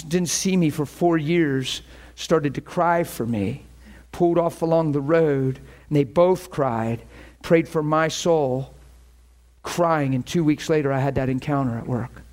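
A man's voice: on the high side, a little mellow. A man preaching a teaching sermon and telling his own testimony, earnest and emphatic, often repeating words as he builds a point.

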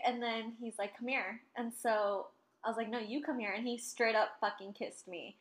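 A young woman in her twenties tells a story in casual conversation, cursing freely and acting out what people said. Her voice is a little high and her speed is normal, with an animated delivery.

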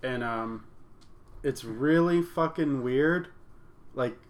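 A man's voice: mid-range voice, slow. A man co-hosting a podcast in casual chat, laid-back, mumbling through his teeth and swearing casually. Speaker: podcast co-host. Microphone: podcast mic.

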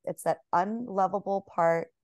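A woman guest on a podcast, speaking gently and reflectively and laughing easily. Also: mid-range voice, measured pace, no room sound. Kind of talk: conversational podcast talk.

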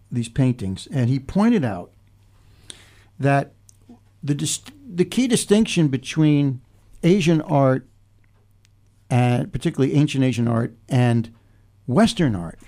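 A man's voice: medium pitch, mellow. An older man hosting a casual talk show, telling a reflective story in a meandering way with many restarts. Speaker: podcast host.

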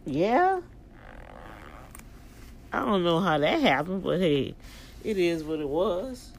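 Her voice sits fairly low and is expressive, moving at normal speed over a slight hiss or hum. This New Orleans vlogger, accent and all, delivers a casual, sermon-like monologue to her online family, heavy on emphatic rhetorical questions.

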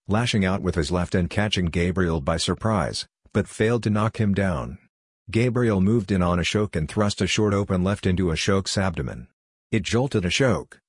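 A man narrating an audiobook story in a steady, even way. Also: low voice, breathy edge, dry recording, clean studio sound.

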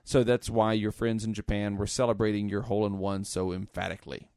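A man's voice: fairly low pitch, flat delivery, brisk, darkish tone, clear, resonant tone, no echo, clean studio sound. A man co-hosting a podcast, joking and posing trivia questions in casual chat. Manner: joking, quiz-asking. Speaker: podcast co-host.

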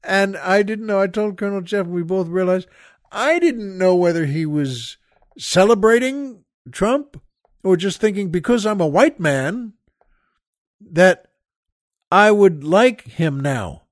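Older male host, halting storyteller, slightly high voice, dry studio sound. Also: lively intonation, no room sound. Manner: rambling, halting, with many restarts and asides to the listener. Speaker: podcast host. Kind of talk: casual storytelling monologue.

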